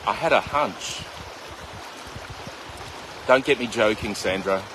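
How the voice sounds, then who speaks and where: A man with a lowish voice takes it slowly as he leads mindfulness meditation beside a flowing river, the background noisy. His livestream mixes guidance with casual chat, calling viewers by name and joking around.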